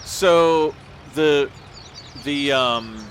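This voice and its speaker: Bright-voiced man telling a rambling story. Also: on the high side, very slow, slight background noise. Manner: rambling, full of "like" and restarts. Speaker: livestream gamer telling a story. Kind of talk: casual storytelling on a livestream.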